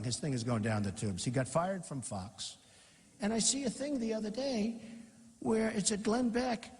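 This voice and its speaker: A man giving an off-the-cuff campaign rally speech, rambling, repeating himself and mocking opponents in a boastful way. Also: sits high. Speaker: political candidate. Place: large rally venue with a crowd. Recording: long hall reverb.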